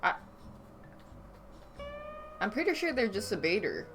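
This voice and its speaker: A woman's voice: medium pitch, very animated, a little slow. A woman livestreamer chatting casually with her viewers, reading their messages aloud and reacting with dry sarcasm. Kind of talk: casual stream chat. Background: faint background music.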